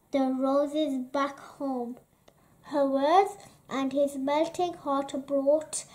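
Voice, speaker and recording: A woman reading a children's story aloud in a gentle, expressive way. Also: sits high. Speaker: storybook reader.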